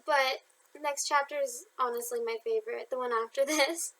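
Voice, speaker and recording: A woman's voice: high voice, fairly even intonation, normal speed, a bit bright, low-quality recording. A woman, the author, reading her own novel aloud as an informal audiobook, with some restarts along the way. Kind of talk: self-read audiobook narration.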